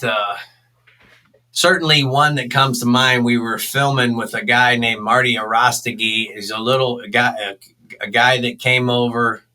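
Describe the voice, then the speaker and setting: A man's voice: mid-range voice, distant mic, rough recording. A man, telling fishing stories in a casual interview. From South Florida, US. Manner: animated storyteller, acts out shouts. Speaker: fishing show host and charter captain.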